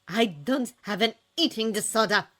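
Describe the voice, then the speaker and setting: A woman's voice: lowish voice, big pitch swings, takes it slowly, a bit bright, breathy edge, heavily acted. A woman voicing a frail, stubborn young woman who curtly refuses help. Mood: defiant. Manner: curt, defiant.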